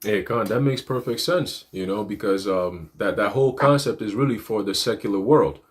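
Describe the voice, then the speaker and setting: A man's voice: lowish voice, normal speed. A man teaching scripture in a casual, emphatic way, slipping into acted-out quotes. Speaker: preacher. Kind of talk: livestreamed teaching.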